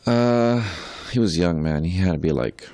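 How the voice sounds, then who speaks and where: A man's voice: low voice, animated, normal speed, vocal fry, warm tone, no echo. A young adult man, a podcast co-host and musician, chatting casually in a rambling, profane way with many filler words.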